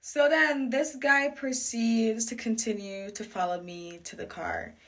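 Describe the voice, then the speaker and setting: A woman's voice: fairly high pitch, lively intonation, measured pace, fairly bright tone. A young woman telling a story on her vlog in a chatty, emphatic and sassy way. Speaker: vlogger.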